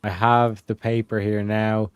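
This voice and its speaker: A young man with a smooth, clear voice reads old case notes aloud in a dry, close recording. He stumbles through with fillers and frequent swearing, pitched a bit low. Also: flat delivery, no room sound. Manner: profane, halting, reads with fillers. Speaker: host reading case files. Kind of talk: casual chat reading transcripts aloud.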